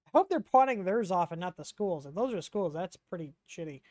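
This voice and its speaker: A man's voice: high-pitched, lively intonation, fairly quick, a little mellow, dry recording. A man hosting a casual livestream Q&A, rambling and chatty, reading out chat questions with lots of ums.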